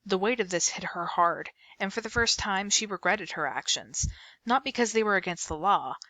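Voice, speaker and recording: A woman reading a middle-grade novel aloud in an expressive storybook manner. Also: mid-range voice, normal speed, no room sound. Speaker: book reader.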